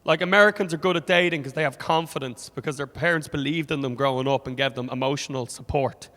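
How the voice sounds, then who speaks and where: A man's voice: a little high, fast talker, bright, forceful tone. A young Irish man doing stand-up comedy in a club, sardonic and full of swearing, with an Irish accent. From Ireland. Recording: hall reverb from a club stage.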